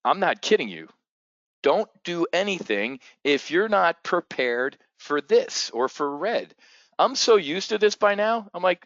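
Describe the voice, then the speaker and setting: A man's voice: high-pitched, big pitch swings, a little slow, fairly bright tone, no echo, lo-fi sound. A man hosting a casual live market briefing for options traders, blunt, profane and rambling. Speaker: options trading host.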